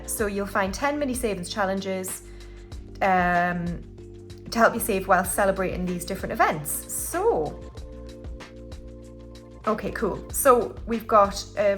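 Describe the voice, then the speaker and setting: A British woman runs a casual cash-stuffing vlog for her budgeting channel, chatting and counting banknotes aloud as she laughs at her own slips. Her voice sits in the mid-range with a slightly bright quality.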